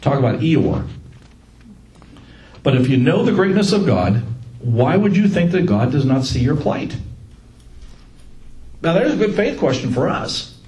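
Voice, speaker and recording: A man leading a casual Bible study group, joking and lively as he teaches. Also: mid-range voice, measured pace, pauses often. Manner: joking, animated, laughs at own lines. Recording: echoey room with faint ambience.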